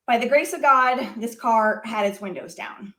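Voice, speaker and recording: A woman speaks as a guest in conversation, recounting a personal story with lively, animated energy. Her voice sits a little higher than most women's, and she leans heavily on filler words as she goes. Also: moderate pace. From United States. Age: adult.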